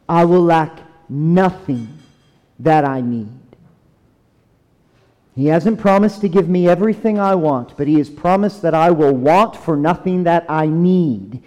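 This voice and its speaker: A man delivers a sermon in a high, measured voice, leaning into key words and letting some fall almost to a hush. He takes his time over every phrase. The sound carries a long reverb, as if from a church sanctuary. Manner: earnest, emphatic, with dramatic slowdowns and drops to near quiet. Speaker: preacher.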